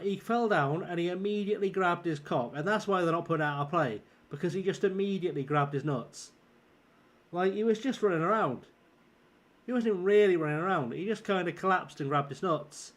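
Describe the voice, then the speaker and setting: A slightly high-voiced man with a northern English accent, worn out and a bit scratchy from a sore throat. He rambles through live gameplay commentary, swears freely and teases his chat. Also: a little fast. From southern England. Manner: chatty, swearing, teasing viewers. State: tired with a sore throat forming. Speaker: streamer.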